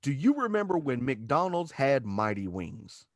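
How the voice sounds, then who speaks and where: A man's voice: mid-range voice, measured pace, no room sound, studio quality. A man, a stand-up comedian telling a profane story as a guest and acting out the quotes. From Chattanooga, Tennessee. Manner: animated, profane, acts out quotes.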